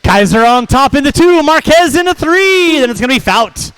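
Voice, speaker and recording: A man calling a hobby race over the track speakers, brisk and jokey, reeling off driver names in quick runs. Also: extremely high pitch, expressive, fairly bright tone, poor audio. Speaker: race announcer. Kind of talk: live race commentary.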